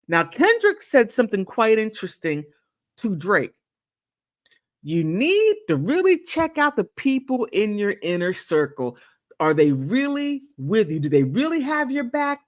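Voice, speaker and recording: A woman hosting a casual commentary monologue, rambling with repeats and chatty asides. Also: on the low side. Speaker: channel host.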